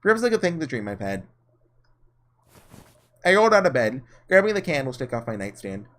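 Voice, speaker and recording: A man's voice: medium pitch, very animated, a little fast, fairly bright tone. A man reading a weary young woman narrator. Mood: reflective.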